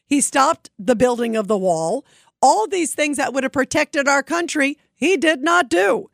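A woman's voice: high-pitched, lively intonation, unhurried, creaky, fairly bright tone, dry recording, clean studio sound. A woman giving emphatic, indignant political commentary. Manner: indignant, emphatic, mocking quotes. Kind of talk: opinion commentary.

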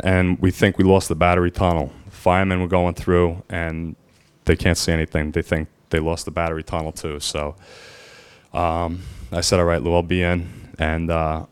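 A man telling his own story as a firefighter, halting and emotional, pausing often with fillers. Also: deep voice, smooth, dry recording. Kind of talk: personal storytelling.

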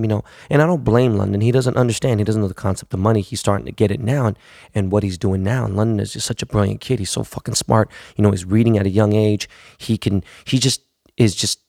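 Blunt, profane man with a gravelly voice. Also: lowish voice, darkish tone, no echo, studio quality. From United States, West Coast. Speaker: podcast host. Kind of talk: casual monologue.

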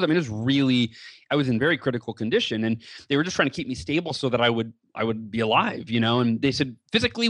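A man telling a personal story as a podcast guest, earnest and animated, with many fillers and restarts. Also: mid-range voice, no echo. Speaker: guest speaker.

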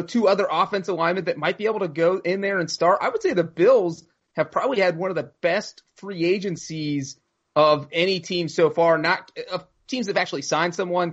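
On a casual sports talk show, a male co-host analytically breaks down signings, citing stats and numbers. His voice is on the high side with a fairly bright tone, and the audio is muffled and lo-fi.

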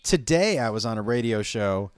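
Animated, profane male podcast host. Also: on the low side, moderate pace, smooth, no room sound. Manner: loose, profane, rambling riffs. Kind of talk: casual comedic monologue.

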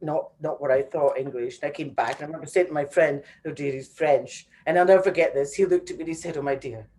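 A woman from Scotland, a singer being interviewed over a video call, telling stories with lively acted-out quotes. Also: sits low, very fast. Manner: lively storyteller, acts out quotes. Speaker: guest singer. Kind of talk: casual interview chat.

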